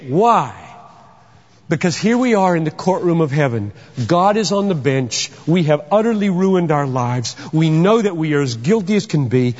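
A man preaching a sermon with emphatic delivery, firing off rhetorical questions and sometimes shouting for effect. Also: a little high. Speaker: pastor. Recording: dull sound with long hall reverb.

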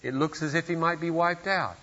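A man's voice: fairly high pitch, a little fast, bright, forceful tone, in a large hall, highs cut off. A man preaching a sermon at a church service, earnest and emphatic, pressing his points with sudden surges of force. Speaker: pastor.

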